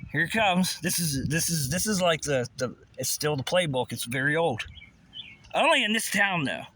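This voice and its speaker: A man's voice: on the high side, expressive, moderate pace, pushed and bright, slight background noise. A man delivering a rambling, profane, conspiratorial monologue, often asking rhetorical questions. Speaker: vlogger.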